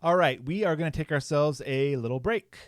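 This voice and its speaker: A man's voice: fairly high pitch, brisk, no room sound. Guy on a podcast reading space news, lots of uhs, little jokes, dry close mic. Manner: joking, filler-heavy reading with asides. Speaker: podcast co-host. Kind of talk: casual chat, reading a news article aloud.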